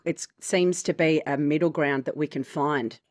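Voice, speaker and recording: A woman's voice: sits low, fairly even intonation, moderate pace, a little mellow, no echo, clean studio sound. A woman from Australia, a voice actor co-hosting a podcast and explaining her points with examples in casual chat.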